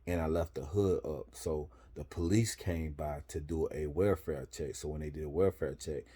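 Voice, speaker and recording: A man from Florida telling a personal story in casual, slangy, profane talk, often marking each step with "boom.". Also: steady tone, normal speed, dark tone, breathy edge.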